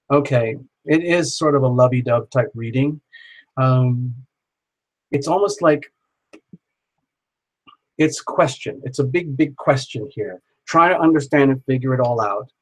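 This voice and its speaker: A man hosts a live tarot stream, speaking softly in a husky, mid-pitched voice and gently repeating reassuring affirmations while naming viewers. He's unhurried and pauses often. The recording is rough.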